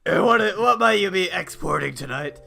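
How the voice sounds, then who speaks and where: A frantic thug begs and pleads in a high voice, as a man puts him on. His pitch leaps all over the place and his tone is bright. It is a comic script read-through. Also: animated, normal speed, gravelly, faint music behind, heavily acted. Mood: frantic pleading. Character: panicked male thug under interrogation.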